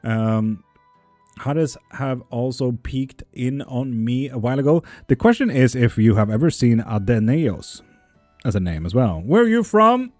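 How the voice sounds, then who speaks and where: A man's voice: medium pitch, measured pace, dark tone, no room sound, soft background music. A man hosting a live tarot stream, chatting casually with viewers and reading their comments. He talks in a joking, rambling way and swears freely.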